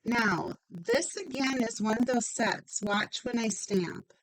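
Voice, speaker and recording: A woman's voice: on the high side, lively intonation, slow pace, slight background noise, rough recording. A woman demonstrating a stamping craft project, chatty and upbeat, thinking aloud as she works.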